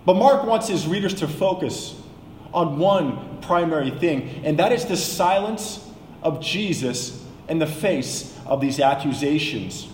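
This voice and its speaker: Guy preaching in a big echoey hall, highish voice, slows down to stress points. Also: expressive, darkish tone, a little hiss or hum. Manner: measured, explanatory, slows for emphasis. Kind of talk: Bible teaching sermon.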